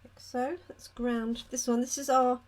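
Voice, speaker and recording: A woman hosts a live card-making demonstration, chatting with viewers by name and answering their comments as she works. Her fairly high voice stays level in tone, and she speaks at a measured pace.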